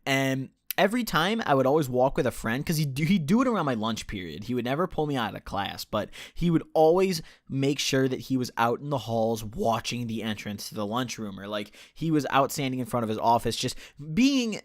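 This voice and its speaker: In clean studio sound with no room sound, a young man in his late teens tells a personal story over gameplay, casual and rambling. His mid-range voice is animated and fairly quick with hardly any pauses, and he swears freely, restarting and correcting himself as he goes.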